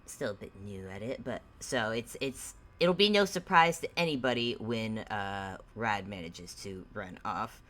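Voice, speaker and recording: Very low-voiced rambling woman host. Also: expressive, fairly bright tone. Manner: rambling, halting, self-mocking. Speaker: game master and host. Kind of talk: casual chat introducing a tabletop game.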